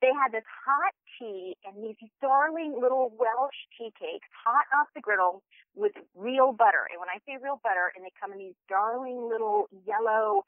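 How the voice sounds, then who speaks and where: An enthusiastic woman chats eagerly over a tinny phone line, her voice dry and close. She talks at an ordinary pitch and keeps restarting her sentences as she tells her story. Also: dry recording. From United States. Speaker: travel show guest. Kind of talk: casual phone interview. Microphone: telephone.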